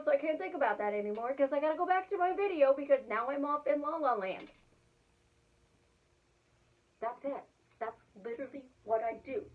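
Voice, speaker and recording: A middle-aged woman, a life coach, talking casually to camera in a chatty, effusive way, slipping into soft murmured affirmations. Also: fairly high pitch. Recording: tinny phone-like audio.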